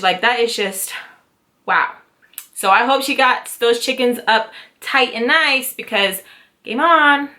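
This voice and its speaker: A woman in her twenties telling a story to camera in a casual vlog, animated and dramatic, with swearing and acted-out quotes. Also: sits high, measured pace. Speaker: YouTube storyteller, mother.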